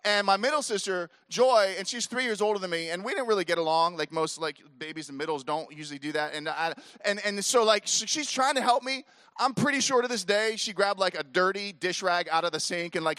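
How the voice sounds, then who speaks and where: Male speaker in his 40s, dry close sound, high voice, animated storyteller who acts out the voices. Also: a little fast, dry recording. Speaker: speaker at a youth leader event. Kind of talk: storytelling talk to a live audience.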